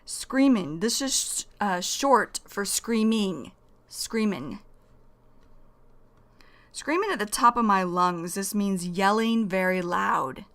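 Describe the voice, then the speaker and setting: A woman teaching English vocabulary, explaining idioms slowly and deliberately and repeating each phrase. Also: mid-range voice, fairly bright tone.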